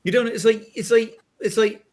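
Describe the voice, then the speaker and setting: A man's voice: sits high, steady tone, moderate pace, darkish tone. A man hosting a casual podcast chat, ranting in exasperation and breaking into laughs. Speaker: podcast host.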